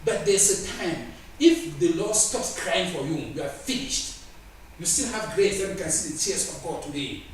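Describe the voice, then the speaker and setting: Male preacher, animated pitch, distant mic with faint hiss. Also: normal speed. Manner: emphatic, repeats phrases, voices God and the Spirit in quotes. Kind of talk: sermon. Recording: echoey room from far off with faint ambience.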